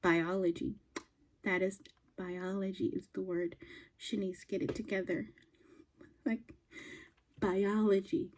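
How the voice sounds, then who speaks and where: A woman hosting a reaction video, chatting to herself and reading text aloud slowly. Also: mid-range voice, flat delivery, a little mellow. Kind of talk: casual reaction commentary.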